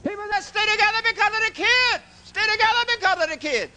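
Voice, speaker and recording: A man's voice: very high voice, fast, bright, forceful tone, a faint crowd. A man doing stand-up comedy on a club stage, firing brash one-liners and teasing the live audience. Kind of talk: stand-up comedy with crowd work.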